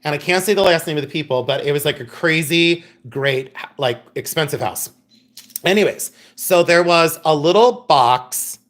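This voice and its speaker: A man's voice: on the high side, a bit bright. A man hosting a live-stream jewelry sale. He tells bawdy stories, laughs often and calls viewers by name. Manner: chatty, laughing, bawdy storyteller; addresses chat viewers by name. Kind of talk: casual live-stream sales chat.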